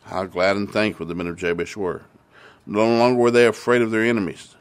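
A man's voice: fairly low pitch, little pitch movement, brisk, smooth. A man preaching and retelling Bible stories for families, emphatic and repeating phrases for stress.

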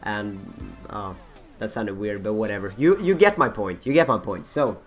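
Young male gaming host, husky and rambling, self-mocking, with faint background music. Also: lowish voice, normal speed. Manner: rambling, self-mocking, many fillers and restarts. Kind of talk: rambling gameplay commentary.

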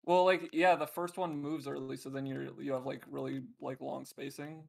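A man's voice: mid-range voice, little pitch movement, normal speed, vocal fry, over a noisy crowd. A man, a speedrunner himself, chatting loosely about runs with lots of fillers and a resigned tone. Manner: rambling, resigned, filler-heavy. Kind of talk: casual commentary chat.

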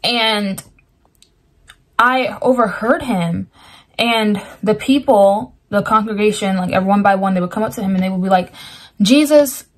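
A woman's voice: mid-range voice, steady tone, normal speed. A woman casually retelling a dream, talking in loose, rambling sentences full of "like", and earnestly explaining its meaning with scripture. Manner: rambling, lots of "like" fillers. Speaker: Christian dream sharer.

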